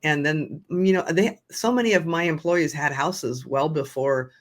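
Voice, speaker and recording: Older woman, low earnest voice. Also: measured pace. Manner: earnest, with frequent restarts. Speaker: guest, nonprofit founder. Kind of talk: conversational storytelling.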